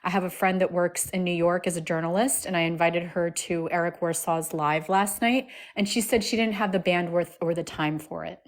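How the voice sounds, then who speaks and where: A woman's voice: fairly low pitch, steady tone, normal speed, hardly any pauses. An American woman calling in to a live stream, speaking angrily and emphatically, repeating phrases for force. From United States. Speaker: caller. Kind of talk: impassioned call-in speech.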